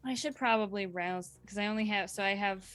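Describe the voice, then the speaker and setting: A woman's voice: medium pitch, brisk, a bit bright, soft background music. A woman playing in a tabletop role-playing game, thinking aloud hesitantly with fillers while describing her character's actions. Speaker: player.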